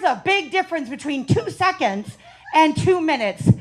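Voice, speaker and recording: A brash, profane woman working a comedy club crowd through a handheld mic. Her voice sits high and swings wildly up and down, and she keeps laughing through her own punchlines. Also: expressive, normal speed, faint music behind. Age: 40s. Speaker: stand-up comedian. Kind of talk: stand-up comedy set.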